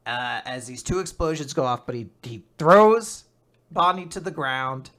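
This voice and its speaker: A podcast host tells a manga recap in a casual, animated way, swearing freely along the way. The voice sits at a middling pitch. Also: a little slow.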